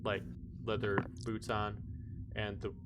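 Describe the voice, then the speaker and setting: A man's voice: lowish voice, slow, heavy background noise. Man running a tabletop game. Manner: relaxed, loose narration with fillers. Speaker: game master. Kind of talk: describing scenes in a tabletop game.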